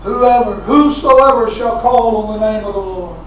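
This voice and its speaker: Male pastor, high and bright, shouting sermon, picked up from afar in an echoey church. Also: normal speed, recorded from a distance, a little hiss or hum. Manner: shouting preacher who punctuates lines with "huh?" and "uh". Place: church sanctuary.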